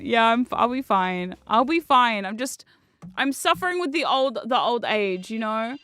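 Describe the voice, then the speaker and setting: Woman streamer with a fairly high voice, chatty and self-mocking, recorded dry with faint music underneath. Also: unhurried, long pauses, no room sound. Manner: animated, jumps between loud outbursts and low asides. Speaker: streamer playing a video game. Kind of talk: casual chat while gaming.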